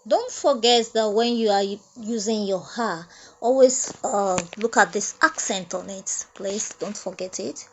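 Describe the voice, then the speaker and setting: Slow, dull-sounding woman teaching French. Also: mid-range voice, slight background noise. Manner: repeats phrases slowly, explains step by step. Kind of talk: whiteboard grammar lesson. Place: classroom at a whiteboard.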